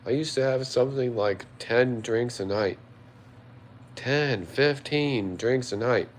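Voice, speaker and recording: A man's voice: mid-range voice, takes it slowly, a little hiss or hum. A tipsy man hosting a livestream, reading chat aloud and answering in a rambling way, repeating himself often. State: tipsy after a few drinks.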